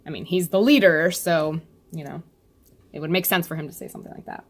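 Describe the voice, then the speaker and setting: Brief: a lively woman reviewer, chatty and giggly, reacting to a comic chapter in a casual, unfiltered way. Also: deep voice, fairly quick, husky. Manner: chatty and animated, laughs often, swears casually.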